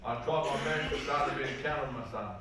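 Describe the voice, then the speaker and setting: A man's voice: medium pitch, quick pace, noisy background. A man with an Australian accent speaking to a seminar audience, telling personal stories in an earnest, plain-spoken way full of slang. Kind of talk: personal testimony talk. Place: large hall. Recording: echoey hall, mic far off.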